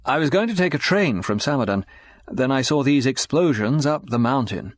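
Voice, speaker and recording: A man's voice: medium pitch, lively intonation, normal speed, pitched above the performer's own voice, natural voice. A man reading an audiobook, voicing a weary, battered British secret agent who speaks in a tired, understated way. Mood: dazed.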